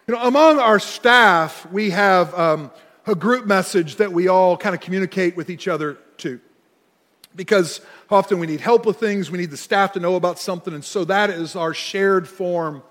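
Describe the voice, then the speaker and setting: A man preaching a sermon as pastor, telling stories and slowing to press hard on key words. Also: high voice. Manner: storytelling, slows and pushes hard on key words. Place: church sanctuary. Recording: long hall reverb with soft music.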